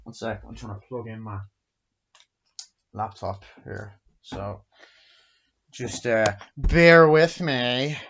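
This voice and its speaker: A man's voice: medium pitch, slow pace, long pauses, fairly bright tone, a little hiss or hum. A man in his twenties giving a rambling, profane movie review from his bedroom, acting out scenes in a raised voice. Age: 20s. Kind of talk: casual spoken film review. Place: bedroom, indoors. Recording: dull lo-fi home recording.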